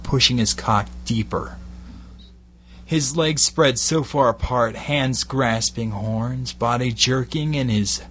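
A man with a Glaswegian accent slowly reading an erotic bedtime story in a measured, intimate way. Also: mid-range voice, slight background noise. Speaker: narrator.

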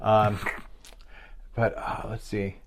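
A man's voice: on the low side, little pitch movement, extremely slow, slight background noise. A man co-hosting a podcast, telling long stories in a casual, rambling way with lots of fillers and asides, laughing as he goes. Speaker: podcast co-host. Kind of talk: casual storytelling chat.

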